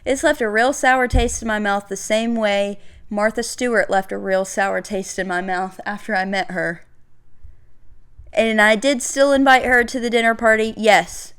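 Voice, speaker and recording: A woman with a Southern US accent co-hosting a casual podcast, joking in a dry, deadpan way. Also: medium pitch, normal speed, clean tone. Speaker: podcast co-host. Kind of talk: casual chat.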